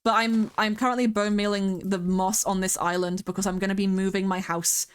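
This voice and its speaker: A young woman with a British accent chats away on a casual game stream. Her voice sits at a middling pitch. She rambles from one thought to the next and giggles easily. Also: level tone, a little fast, clear, resonant tone. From Britain. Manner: chatty and rambling, giggles often; sings along to music at times.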